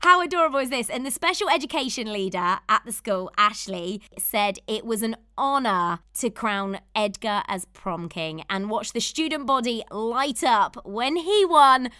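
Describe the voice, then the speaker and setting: A woman's voice: a little high, lively intonation, normal speed, hardly any pauses, bright, forceful tone, dry recording, studio quality. A woman hosting a podcast, telling stories in an enthusiastic, gushing casual chat. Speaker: podcast host.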